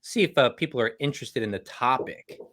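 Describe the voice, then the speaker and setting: A man's voice: mid-range voice, brisk, fairly bright tone. A man co-hosting a live online business show, chatting casually, laughing often and greeting viewers by name. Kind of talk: casual live-stream chat.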